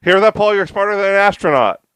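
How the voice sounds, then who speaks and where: Male podcast co-host; dry one-liners; bright voice with a lively pitch. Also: fast, clean tone, dry recording. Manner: dry short quips and agreement. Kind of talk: casual podcast chat.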